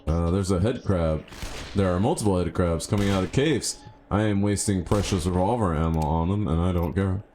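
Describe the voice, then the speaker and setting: A man streaming a game live, chatting casually and thinking out loud, with sudden excited yelps. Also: deep voice, moderate pace, soft background music. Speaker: gaming streamer. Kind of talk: casual live gameplay commentary.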